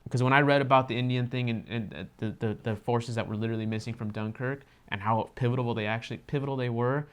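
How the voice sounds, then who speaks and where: A man's voice: mid-range voice, fairly even intonation, quick pace, smooth. A man co-hosting a reaction video, talking in an earnest, emphatic way and swearing freely. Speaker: co-host of a reaction channel. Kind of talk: casual reaction discussion.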